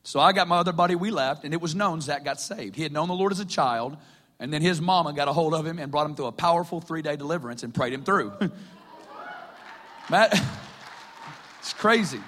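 A talkative male preacher sharing his testimony from a stage, his voice sitting a touch high for a man. He laughs often and acts out what others said as he tells the story. Long reverb trails each phrase. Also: normal speed, pauses often, fairly bright tone. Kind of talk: personal testimony sermon. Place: stage in a hall.

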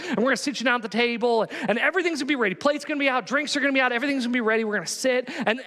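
A man's voice: extremely high pitch, pushed and bright, long reverb tail. A man preaching a sermon as pastor, telling a story with lots of energy and acting out both sides of the conversation.

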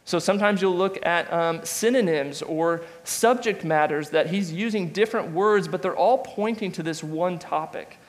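A man's voice: sits high, normal speed, few pauses. A man teaching a Bible study class in a conversational way, with restarts and asides. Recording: long reverb of a large room.

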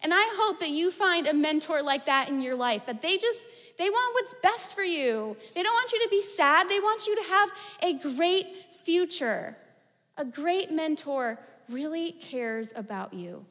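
A woman in her thirties giving a sermon, animated and conversational, telling stories with casual asides. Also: high voice, unhurried. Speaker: preacher. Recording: long hall reverb.

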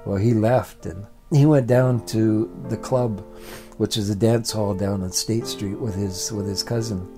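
A man's voice: fairly low pitch, steady tone, a little slow, dark tone, soft background music. A man telling a family story aloud in a plain, repetitive storytelling way. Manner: repetitive, building phrases. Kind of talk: oral storytelling.

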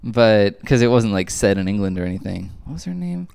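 Man, lowish voice, podcast co-host, casual chat, wry, tangent-prone. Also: big pitch swings, brisk, vocal fry, darkish tone, smooth, dry recording.

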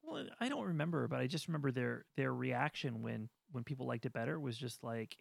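A man co-hosting a casual podcast chat, ranting with animated energy and mocking studio executives in voiced asides. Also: medium pitch, a little fast, gravelly, few pauses, no room sound. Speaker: podcast co-host.

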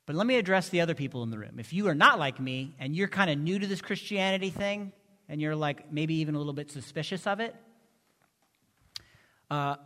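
Guy pastor giving a sermon, kinda high voice, long echo like a big church hall. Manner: impassioned, swings from soft pleading to loud emphasis. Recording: long reverb of a large hall.

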